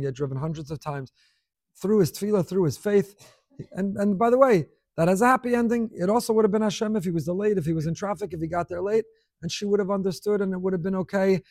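Man preaching to a room, high pitch, dry close sound, lively and repetitive delivery. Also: no room sound. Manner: animated, rhetorical questions, repeats phrases for emphasis. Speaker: rabbi giving a class. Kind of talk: sermon. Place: room with an audience.

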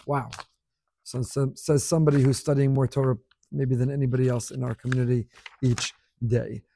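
A middle-aged man teaching a Torah class, reading listener emails aloud with animated, emphatic delivery and scattered Hebrew terms. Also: mid-range voice, brisk, gravelly, slight background noise.

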